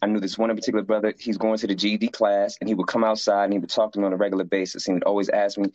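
A man's voice: lowish voice, level tone, rapid-fire, hardly any pauses, darkish tone, dry recording, highs cut off. A man in casual conversation, telling stories animatedly, acting out quoted voices and using frequent fillers. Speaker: guest sharing life story.

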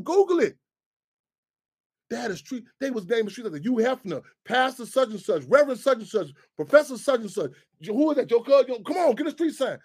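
Heated, high-pitched man hosting a radio show. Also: slightly rough. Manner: animated, heated, swearing freely. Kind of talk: casual talk radio monologue.

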